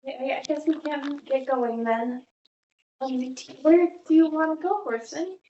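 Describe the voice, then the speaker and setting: A woman's voice: sits high, measured pace, warm tone, muffled recording, slight background noise, pitched above the performer's own voice. Woman doing a flustered, sleepy young woman. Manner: hesitant, stammering. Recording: echoey room, distant mic.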